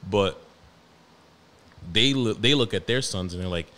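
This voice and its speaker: A young man with a New York accent, hosting a podcast and telling stories about his toddler in a profane, animated, slangy way. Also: on the low side, a little slow. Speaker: podcast host. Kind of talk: casual storytelling monologue.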